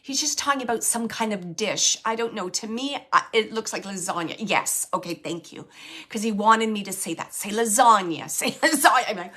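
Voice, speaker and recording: Woman medium, mid-pitched, conversational and searching, gentle delivery, lots of fillers while passing on messages. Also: normal speed. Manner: chatty and searching, many fillers and restarts; relays messages from the spirit in a gentle tone. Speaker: medium and show host. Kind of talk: live mediumship reading.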